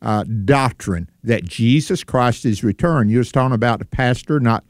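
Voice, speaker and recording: A man's voice: medium pitch, moderate pace, no echo, clean studio sound. A man co-hosting a faith radio program, speaking earnestly and with emphasis. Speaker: radio co-host. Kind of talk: casual radio conversation.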